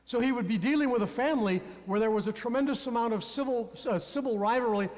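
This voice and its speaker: A man's voice: very high voice, fast, a little mellow. A man preaching a sermon as a pastor, telling a story and speaking directly to his congregation. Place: church sanctuary. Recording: long church reverb.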